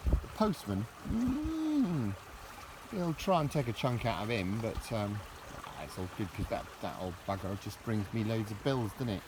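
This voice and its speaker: A man's voice: on the low side, sing-song, unhurried. A middle-aged man chatting casually for his vlog, rambling and jokey with cheeky asides, recorded outdoors on a walk. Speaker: vlogger. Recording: outdoor recording with loud background noise.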